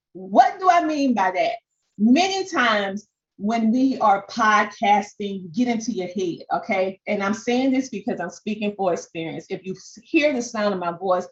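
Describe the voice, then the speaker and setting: A woman with a Southern country twang coaching a live webinar, lively and direct, often checking in with "okay?". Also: mid-range voice, muffled recording. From Southern United States. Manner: animated, peppers talk with "okay?". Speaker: podcast coach. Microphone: desk microphone.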